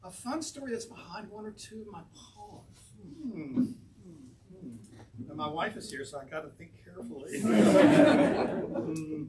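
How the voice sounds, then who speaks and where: A man's voice: high voice, sing-song, a little slow. A man from North Carolina, a poet answering audience questions at a bookstore event, telling anecdotes in a rambling way and chuckling often. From North Carolina, USA. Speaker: poet presenting his book. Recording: distant mic, noisy room.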